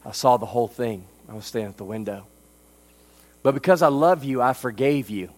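A man voicing a gentle, forgiving grandmother in a sermon story, speaking softly and tenderly. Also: mid-range voice, brisk, voice pushed down, close to an everyday voice.

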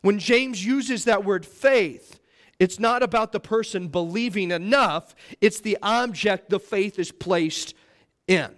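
Here the young adult preacher takes it slowly, his tone a bit bright, as he delivers an earnest, emphatic sermon. He regularly checks in with "all right?" and "okay?", raising his voice to mimic others and lowering it to pray.

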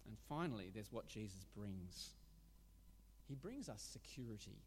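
A man preaching a sermon, animated and emphatic, often restarting his words. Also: fairly low pitch, moderate pace, slight background noise. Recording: long hall reverb.

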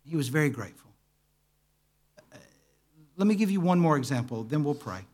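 Man preaching with a raised pitch. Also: animated, brisk. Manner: vivid storyteller, acting out dialogue; quiet, earnest. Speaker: pastor. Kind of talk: sermon storytelling.

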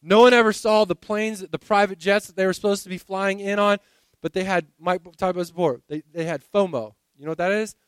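A man delivering a sermon in a loose, conversational way, often doubling back on his words. His voice sits high and sounds smooth and resonant. The recording is close and dry. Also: steady tone, a little fast, no room sound. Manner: conversational preaching with frequent repeated words. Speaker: pastor.

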